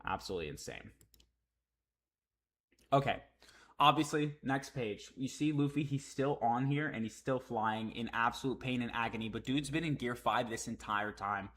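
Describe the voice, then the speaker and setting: A man reading a comic chapter on a live stream and reacting with excited, profane commentary. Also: mid-range voice, normal speed.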